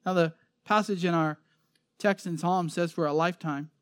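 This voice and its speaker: A man's voice: on the high side, fairly even intonation, normal speed, fairly bright tone, clear, resonant tone, no echo. A man giving an expository sermon, reading scripture aloud and explaining it in an earnest, emphatic way. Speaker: preacher. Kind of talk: sermon, expository Bible teaching.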